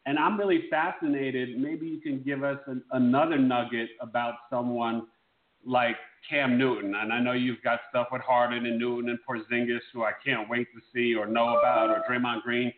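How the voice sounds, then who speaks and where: A man's voice: mid-range voice, steady tone, moderate pace. A man co-hosting a talk show, asking a guest rambling, enthusiastic questions. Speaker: co-host. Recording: echoey room over a tinny line.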